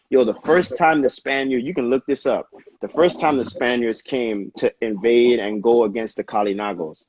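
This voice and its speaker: A man in casual conversation, telling history in an animated, slangy way, often dropping "yo" and "you know what I mean.". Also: medium pitch, moderate pace. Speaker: dancer and podcast co-host. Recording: slightly dull lo-fi audio with faint noise.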